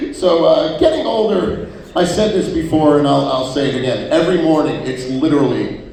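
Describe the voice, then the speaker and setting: A man's voice: a little high, normal speed, gravelly, darkish tone. A man doing a stand-up comedy set, telling profane stories and acting out quotes in different voices. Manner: profane storytelling with many acted-out quotes. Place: live comedy venue. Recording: roomy venue sound from far off.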